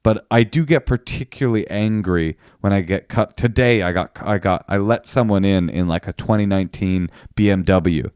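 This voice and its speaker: A man co-hosting a podcast, chatting casually and telling stories with animated quoted voices. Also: normal speed, few pauses, clean tone, no echo, clean studio sound. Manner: animated storyteller, jumps into high quoted voices. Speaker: podcast co-host. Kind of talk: casual chat.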